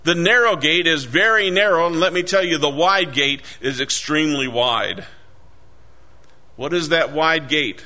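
Man, middle-aged, preacher, sermon, earnest, emphatic, bright tone. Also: on the high side. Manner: earnest, emphatic, slows for scripture quotes.

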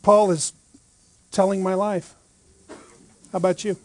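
A man teaching a Bible study, lively and full of rhetorical questions, often checking in with "right?". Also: high-pitched, unhurried.

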